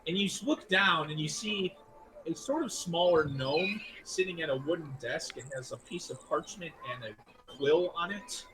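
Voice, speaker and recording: A man's voice: on the high side, expressive, noisy background. A man running a tabletop game as game master, narrating casually with restarts. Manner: casual, loose, with restarts and quick figure voices.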